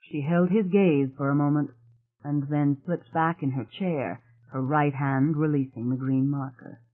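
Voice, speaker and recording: An audiobook narrator reading a thriller novel in a measured, even storytelling manner. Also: medium pitch. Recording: tinny phone-like sound.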